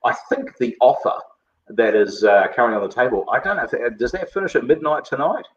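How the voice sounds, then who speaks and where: A man's voice: mid-range voice, fairly quick, muffled recording. A man hosting a casual online webinar chat, rambling along with lots of filler words. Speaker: host.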